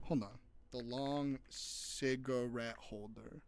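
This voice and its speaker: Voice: mid-range voice, fairly even intonation, takes it slowly, a crowd in the background. Streamer, casual chat, swears a lot, laughs often, rambling delivery.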